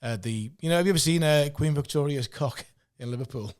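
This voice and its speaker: A man, telling rambling, animated stories in a casual podcast chat and swearing often. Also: on the high side, fast. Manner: rambling, animated storytelling with frequent swearing and restarts.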